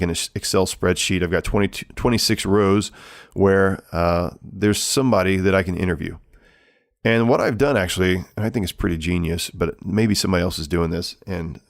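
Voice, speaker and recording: A man's voice: sits low, no echo, studio quality. A middle-aged man hosting a solo podcast, talking casually with many fillers and restarts. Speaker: podcast host.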